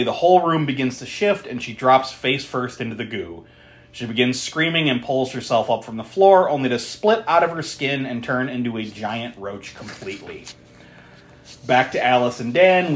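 A man's voice: medium pitch, animated, moderate pace. A man co-hosting a podcast, casually retelling a horror film's plot with frequent laughter and swearing. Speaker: podcast co-host recapping a film.

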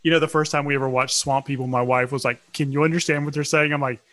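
A man from South Louisiana, a podcast co-host, telling animated, profane stories in casual chat with frequent restarts. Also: mid-range voice, fast.

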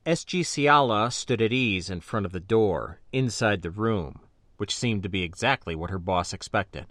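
A man's voice: fairly low pitch, expressive, normal speed, fairly bright tone, dry recording. A man narrating a science fiction story in the first person. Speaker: audiobook narrator.

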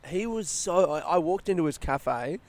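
A young Australian man hosting a casual solo podcast outdoors, rambling through stories in a chatty, rushed way. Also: fairly high pitch, lively intonation. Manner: rambling, chatty, retelling stories with quoted voices. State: yawning, a bit rushed. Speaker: podcast host. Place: outdoors in a smoking area by a housing estate.

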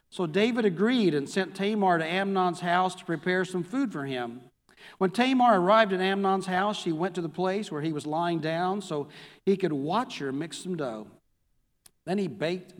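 Male pastor, slightly high voice, sermon reading in a church with long echo. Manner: reads scripture aloud, then reviews it slowly. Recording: long hall reverb.

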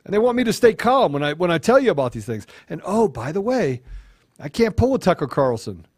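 A man's voice: high voice, sing-song, a little fast, a little mellow, slightly rough, no echo, studio quality. A man co-hosting a talk show, speaking with fervent, repetitive emphasis that builds to anger. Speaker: co-host.

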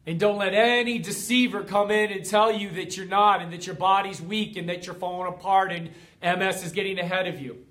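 Speaking fairly quickly, a coach with a notably high voice fires up his community in an energetic, emphatic motivational talk. He piles repeated phrases on top of each other for effect.

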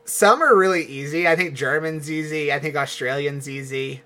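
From the United States, this man co-hosts a casual podcast. His voice is bright and forward, and he tells animated, rambling stories full of asides. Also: a little high, normal speed. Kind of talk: casual chat.

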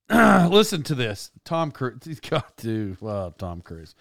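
A man's voice: mid-range voice, wildly swooping pitch, slow pace, gravelly, fairly bright tone, no room sound, studio quality. A man on a rambling comic rant, sarcastic and often cutting himself off to restart. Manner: sarcastic, self-interrupting, stumbling restarts. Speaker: comedic commentator.

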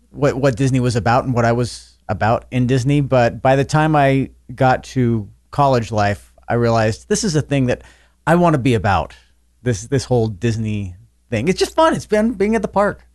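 A man's voice: medium pitch, normal speed, no echo, studio quality. Joking man in his forties. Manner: joking, excitable bursts. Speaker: podcast panelist. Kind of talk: casual chat.

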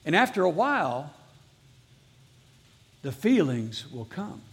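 A man preaching a sermon as pastor to a live congregation, earnestly repeating his exhortations. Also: a little high.

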